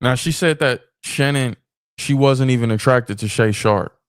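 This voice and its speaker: A man hosting a podcast, giving opinionated commentary in an animated way, repeating phrases for emphasis and laughing between points. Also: mid-range voice, moderate pace, clear, resonant tone, no echo, clean studio sound. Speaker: podcast host.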